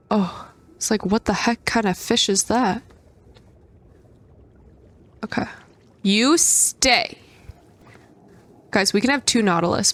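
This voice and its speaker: A young adult woman giving gameplay commentary, excitable and prone to squealing outbursts. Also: on the high side. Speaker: gaming creator.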